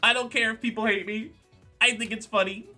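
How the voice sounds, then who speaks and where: A man's voice: sits high, steady tone, fairly quick, bright, forceful tone, faint music behind. A young man streaming, chatting casually, joking and reading chat aloud while editing art.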